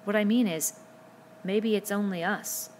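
A woman's voice: medium pitch, steady tone, a little mellow, slight background noise, close to an everyday voice. A woman voicing a shy, thoughtful schoolboy who speaks hesitantly in an audiobook reading. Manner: hesitant, halting.

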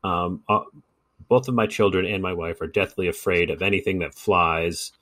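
A man's voice: low-pitched, steady tone, moderate pace, fairly bright tone, no echo. A middle-aged man co-hosting a gardening podcast, telling casual stories and often repeating words as he talks. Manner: storytelling, self-interrupting, repeats words. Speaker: podcast co-host. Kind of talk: casual chat.

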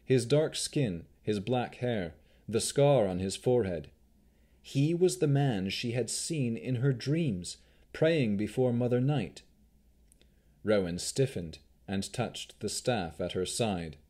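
Slow, mellow male audiobook narrator. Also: medium pitch. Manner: expressive, unhurried storytelling. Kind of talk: scripted narration.

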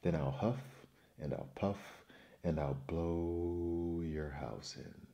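The big bad wolf growls his threats slowly and low, as a man does the voice in hushed whispered role-play. Dark and muffled, the menace stays soft enough for sleep. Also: steady tone, gravelly, full character voice. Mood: menacing. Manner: growling, drawn-out.

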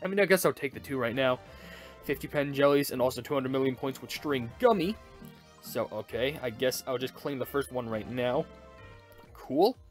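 A man giving casual, rambling gameplay commentary as a YouTuber, getting excitable at close calls. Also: mid-range voice, normal speed, soft background music. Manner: rambling, excitable, lots of fillers. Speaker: gaming YouTuber.

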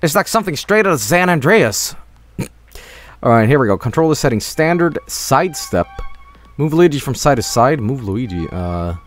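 A man's voice: medium pitch, sing-song, moderate pace, faint music behind. A young man giving casual live gameplay commentary, rambling and full of fillers. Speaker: streamer.

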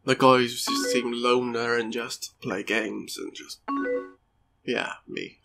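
A man's voice: medium pitch, steady tone, takes it slowly, vocal fry, sharp tone, faint music behind. A man giving let's play commentary over a game, swearing often and joking at his own expense. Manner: sweary, joking, self-mocking. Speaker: gaming YouTuber.

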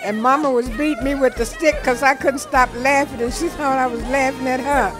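A woman in her seventies telling a lively, funny story from her youth as a birthday message. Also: high-pitched, a little fast. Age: 70s. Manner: lively storyteller, acts out voices from memories. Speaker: birthday well-wisher. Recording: music and crowd noise behind.

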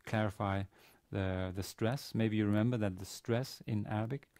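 Hesitant low-voiced male lecturer. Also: fairly even intonation, moderate pace, a little mellow, no room sound. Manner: hesitant, many fillers and restarts. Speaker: university lecturer. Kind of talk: classroom lecture. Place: university classroom.

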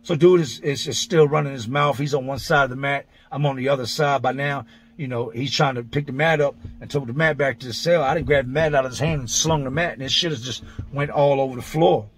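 This vlogger, a man with a mid-range voice, speaks fairly quickly as he tells a story about his time in prison. It's a laid-back monologue, crude and slang-filled, giving a vivid play-by-play of what happened, one step at a time.

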